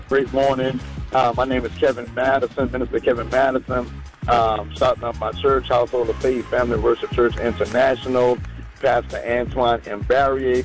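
A man's voice: mid-range voice, rough recording. Fervent male minister calling in. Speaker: caller. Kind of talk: phone call shout-out.

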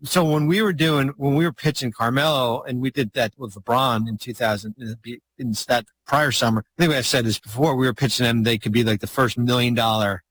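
A man's voice: mid-range voice, steady tone, fairly quick, few pauses, fairly bright tone. A middle-aged man telling a long story in a casual podcast chat, rambling with many restarts and fillers. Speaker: guest storyteller, former basketball executive.

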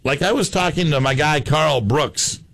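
Chatty sports radio co-host, dry studio sound. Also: male voice, a little high, animated, normal speed, gravelly, fairly bright tone, dry recording. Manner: chatty, reads listener messages aloud. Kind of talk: casual sports radio chat.

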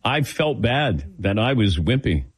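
A man hosting a talk show, telling stories in a casual, animated way and acting out the dialogue. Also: on the low side, unhurried, slightly rough, no echo. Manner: animated storyteller, acts out dialogue with laughs. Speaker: radio show host.

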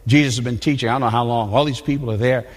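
A man preaching a sermon in a conversational, animated way, often restarting his sentences. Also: mid-range voice, very fast, big-room sound. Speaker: pastor. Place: church.

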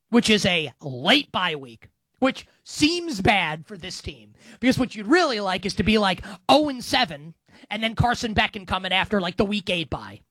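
A man giving solo football commentary in an animated, sarcastic way, now and then breaking into sung snippets. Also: sits high, no echo. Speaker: football analyst.

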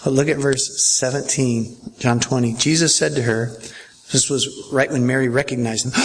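A man preaching as pastor in church sounds emphatic and repetitive, pausing to check that his listeners are following. He speaks at normal speed in a mid-range voice with fairly even intonation, and there's a little background noise.

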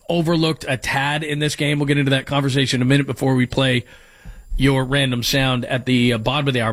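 A man's voice: mid-range voice, a bit bright. A man hosting sports talk radio, giving strong opinions as he runs through names and stats.

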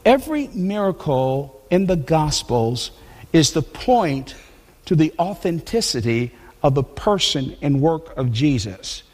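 A high-voiced male pastor preaches in a loose, conversational way, often repeating words as he restarts. His voice carries a long reverb from a large hall. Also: very animated, measured pace, darkish tone. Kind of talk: sermon.

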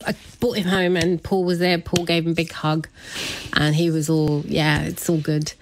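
A woman's voice: deep voice, flat delivery, moderate pace, slight background noise. A middle-aged woman in a casual interview, chatting and laughing often as she acts out what others said. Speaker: guest telling her story.

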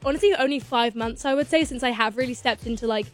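A young woman with a high voice talks as a radio guest, bubbly and quick to get excited. Faint music plays behind her. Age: young adult. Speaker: guest singer. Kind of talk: radio interview chat.

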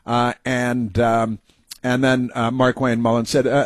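A man's voice: mid-range voice, little pitch movement, normal speed, no room sound. A man hosting a talk show, giving mocking, sarcastic political commentary over played clips. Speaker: radio talk show host.

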